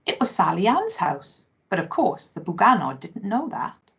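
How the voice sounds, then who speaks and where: A woman teacher reading a children's story aloud with expressive, dramatic storytelling. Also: mid-range voice, moderate pace, vocal fry, husky. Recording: dull lo-fi recording.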